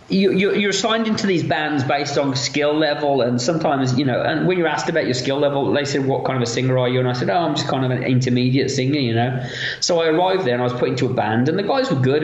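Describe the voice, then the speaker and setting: Man, Birmingham accent, rambling anecdotes, swearing, roomy dull recording. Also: medium pitch. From England. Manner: rambling, profane, animated anecdotes. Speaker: interview guest. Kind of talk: casual storytelling.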